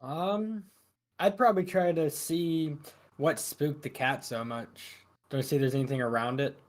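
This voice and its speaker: A man's voice: a little high, moderate pace. A man playing in a tabletop game, talking in an easygoing, slightly hesitant way. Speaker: player. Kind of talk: casual tabletop chat.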